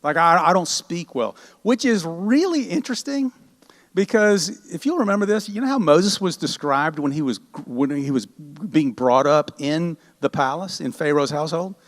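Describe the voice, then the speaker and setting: A middle-aged male pastor preaching a sermon in a chatty, animated storytelling manner. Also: on the high side, normal speed. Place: church sanctuary. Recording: long church hall reverb.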